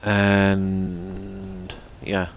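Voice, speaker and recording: Low-voiced man giving a game tour. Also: completely flat delivery. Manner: easygoing, halting with frequent fillers. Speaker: game streamer. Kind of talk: casual commentary on a game tour.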